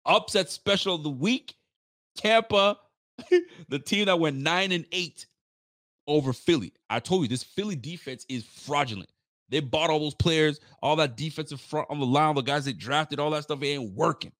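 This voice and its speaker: A man's voice: on the high side, normal speed, fairly bright tone, dry recording, studio quality. A tired man hosting a live post-game reaction stream for a fan channel, hyped and rambling, trash-talking the rivals. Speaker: sports fan channel host.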